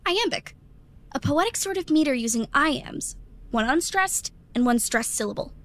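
A bright know-it-all schoolgirl. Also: sits high, animated. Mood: confident. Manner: quick, confident, know-it-all. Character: smart eager schoolgirl, teacher's pet. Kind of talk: audio drama acting.

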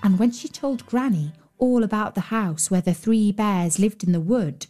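A woman storyteller reads a fairy tale aloud in an even storybook cadence. Faint fiddle music plays quietly behind her voice. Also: medium pitch, moderate pace. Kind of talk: bedtime story narration.

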